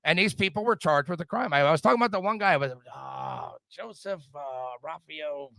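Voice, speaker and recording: A man's voice: high-pitched, expressive, fairly quick, gravelly, sharp tone, no room sound. A middle-aged man hosting a podcast, ranting casually and profanely about politics, often stammering and restarting his sentences. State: drinking whiskey. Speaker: podcast host.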